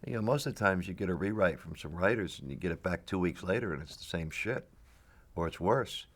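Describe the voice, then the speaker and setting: A man's voice: sits low, animated, a little fast. A middle-aged man telling rambling stories in a casual interview. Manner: rambling storyteller with restarts and laughs. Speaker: actor, interviewee.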